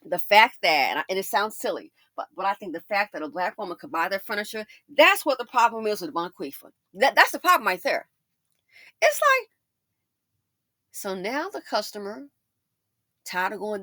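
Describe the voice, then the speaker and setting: A woman's voice: on the high side, very animated, moderate pace, bright, forceful tone, no room sound, clean studio sound. A woman doing casual storytime commentary, emphatic and full of rhetorical questions, often repeating herself.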